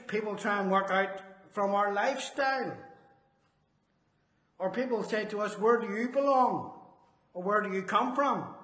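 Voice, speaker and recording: A man preaching a sermon, earnest and emphatic, slowing down on his key phrases. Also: sits high, fairly bright tone. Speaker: Salvation Army officer preaching. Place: church hall. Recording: echoey church hall.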